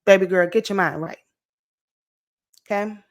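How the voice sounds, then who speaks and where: A woman's voice: mid-range voice, moderate pace. Encouraging woman turning forty. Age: late 30s. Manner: energetic, encouraging, conversational with frequent "okay?" and "right?". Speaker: motivational vlogger. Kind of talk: casual motivational talk to camera.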